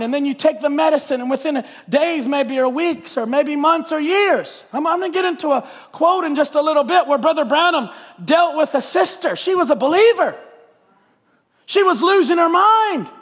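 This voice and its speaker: High-pitched impassioned man preaching. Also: expressive, moderate pace. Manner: impassioned, swings between shouting and quiet reading. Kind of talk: sermon. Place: church. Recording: reverberant church sanctuary.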